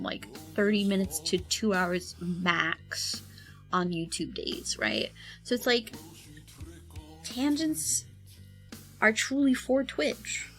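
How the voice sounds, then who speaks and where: A young woman art streamer chats casually while drawing, full of fillers, giggles and squealed reactions. Her voice is mid-range with a fairly bright tone, and the audio quality is poor.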